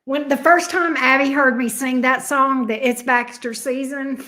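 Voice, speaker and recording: A woman's voice: high-pitched, fairly even intonation, measured pace, sharp tone. A middle-aged woman, chatting playfully with her viewers as a tarot reader and laughing often. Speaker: tarot reader hosting a livestream. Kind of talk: casual chat with viewers.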